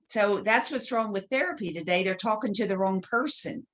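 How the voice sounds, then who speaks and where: A woman speaking as a guest in an interview, telling stories with lively acted-out quotes. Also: mid-range voice, moderate pace, poor audio. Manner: animated storytelling with acted quotes. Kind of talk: conversational interview.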